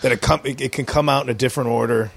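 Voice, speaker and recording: A man's voice: mid-range voice, fairly even intonation, very fast, vocal fry, slightly rough. A man, a stand-up comedian guest, chatting casually with wry riffing asides. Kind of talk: casual chat.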